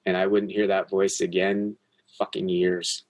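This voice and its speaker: Low-voiced man telling a personal story. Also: little pitch movement, unhurried. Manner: candid, profane, earnest. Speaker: podcast guest.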